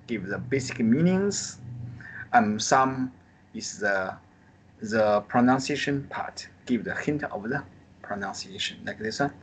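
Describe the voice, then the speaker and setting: A man's voice: medium pitch, slight background noise. A man with a Chinese accent teaching a live online Mandarin class. He drills pinyin sounds and tones, and his English phrasing is non-native. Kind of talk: live online group lesson. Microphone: video call.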